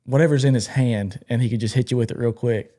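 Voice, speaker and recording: Male co-host, mid pitch, chatty storyteller. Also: fairly even intonation, fast, warm tone. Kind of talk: casual podcast chat.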